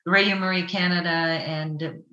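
Bright-voiced woman hosting faith radio. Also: lowish voice, fairly even intonation, unhurried, echoey room, muffled recording. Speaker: radio host. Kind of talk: faith radio talk show.

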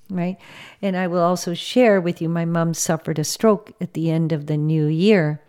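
Lady, middle aged, kinda low voice, earnest gentle faith talk. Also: fairly even intonation, normal speed, smooth.

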